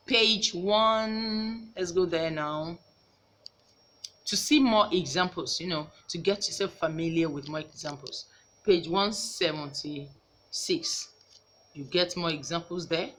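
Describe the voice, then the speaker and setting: A woman teacher from Nigeria giving a recorded grammar lesson, slowly repeating each example sentence. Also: lowish voice, a bit bright, a little hiss or hum.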